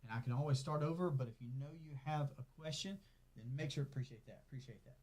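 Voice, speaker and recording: Casual southern guy from north carolina, financial coach doing a live q&a, talks easy and keeps saying okay, mid pitch. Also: fast talker, a little mellow. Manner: chatty, reads viewer comments aloud, tags lines with "okay?". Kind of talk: casual livestream Q&A. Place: office. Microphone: clip-on mic added partway.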